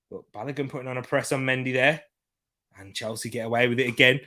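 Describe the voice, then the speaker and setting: Male host, casual live football watchalong commentary, rambling and repetitive, mid-pitched voice, chatting with his viewers. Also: fast talker, a bit bright. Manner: rambling, repeats himself, reads out chat comments.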